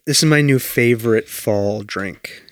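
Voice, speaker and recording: A man's voice: mid-range voice, unhurried, no echo, clean studio sound. A man co-hosting a podcast in casual chat, rambling and swearing freely as he tells stories. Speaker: podcast co-host.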